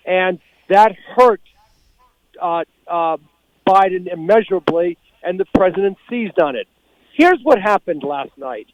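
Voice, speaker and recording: A man calling in as a political guest commentator, talking in a measured, deliberate way with many fillers. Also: high-pitched, lively intonation, no echo. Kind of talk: radio call-in commentary. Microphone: telephone. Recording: tinny phone line.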